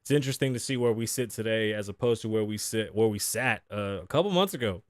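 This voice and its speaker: A man's voice: on the low side, fast, no room sound. Profane, joking man in his thirties. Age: 30s. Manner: profane, joking, laughs often, drops Spanish phrases. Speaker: podcast host. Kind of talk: casual solo talk-show monologue.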